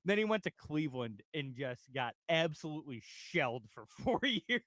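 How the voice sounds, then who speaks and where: A man's voice: a little high, very animated, normal speed, fairly bright tone, no room sound. Guy cohosting sports radio, joking around, voice all over the place, dead dry sound. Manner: loose and joking, swears and laughs often. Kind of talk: casual sports chat.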